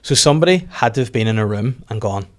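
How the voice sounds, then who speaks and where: A man's voice: medium pitch, expressive, fast talker. A man hosting a comedy podcast, rambling through stories with restarts and acted-out quotes in a casual chat.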